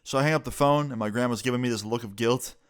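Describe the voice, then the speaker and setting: A young man telling a story casually on his vlog, animated and profane, acting out the dialogue he quotes. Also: mid-range voice, quick pace, smooth. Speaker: storytime vlogger.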